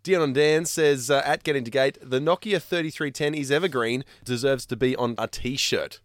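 A man co-hosting a podcast, ribbing his mates with wry humour. His voice sits at an ordinary middle pitch. The sound is close and dry. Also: moderate pace, dry recording. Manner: teasing, wry. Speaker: podcast co-host. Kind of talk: casual chat.

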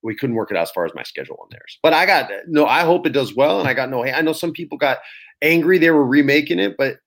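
Animated storytelling man. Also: on the high side, quick pace. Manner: animated, swears casually, acts out quotes. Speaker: actor guest. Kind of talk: casual storytelling.

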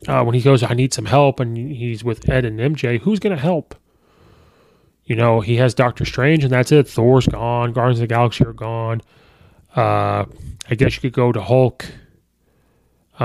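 Rambling man with a gravelly voice. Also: mid-range voice, a little mellow, no room sound, studio quality. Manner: rambling, many fillers and restarts. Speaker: podcast host. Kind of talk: casual movie review monologue.

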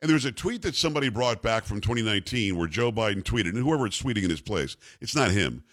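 A man's voice: fairly low pitch, very animated, fast talker, fairly bright tone. A middle-aged man hosting a talk radio show, chatty and joking, laughing often as he banters with his co-host.

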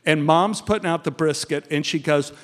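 Older man, from Texas, animated storyteller, high voice, reverberant room. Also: moderate pace. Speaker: guest storyteller. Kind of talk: comic personal anecdote.

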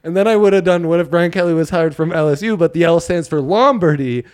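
A man's voice: a little high, fast. A man from Colorado co-hosting a podcast, joking around in casual banter and laughing often. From Colorado, United States. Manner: jokey, animated, laughs often. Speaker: podcast co-host.

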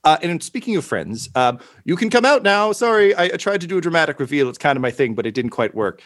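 A man's voice: medium pitch, expressive, fast, fairly bright tone, dry recording, studio quality, voice pushed up. A man doing a flustered, stammering scholar. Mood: eager. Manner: hesitant and fumbling, stammering apologies. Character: flustered gray-skinned male scholar, rumpled and bookish.

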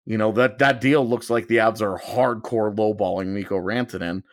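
A man's voice: lowish voice, normal speed, no room sound, clean studio sound. A man co-hosting a hockey podcast in casual chat, rambling and often correcting himself. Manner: rambling, self-correcting, animated. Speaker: sports podcast co-host.

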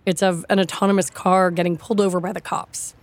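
A woman hosting a technology podcast, narrating in a measured, scripted way. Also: fairly low pitch, flat delivery. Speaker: host.

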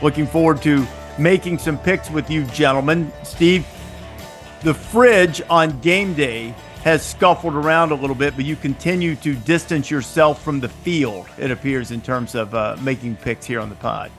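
A man's voice: on the high side, normal speed, a bit bright, soft background music. Wry man hosting a sports podcast. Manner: wry storyteller, teasing co-hosts. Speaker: podcast host.

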